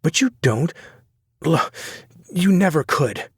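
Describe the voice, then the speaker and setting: A heartbroken young woman pours out anger and love in a raised, husky voice, her words tight and near tears, as a male narrator puts her on. The storybook delivery is dry and close. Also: mid-range voice, expressive, normal speed, a little mellow, dry recording, voice pushed up. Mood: bitter. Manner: impassioned, pleading, near tears. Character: young woman, hurt and furious lover. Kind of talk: audiobook character voice.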